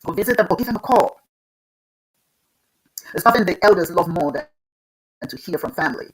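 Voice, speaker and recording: A woman's voice: lowish voice, lively intonation, brisk, breathy edge, low-quality recording. A woman hosting a live online show, giving earnest, loose spiritual advice over a video call. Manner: earnest, advising, loose and conversational. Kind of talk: casual spiritual advice talk.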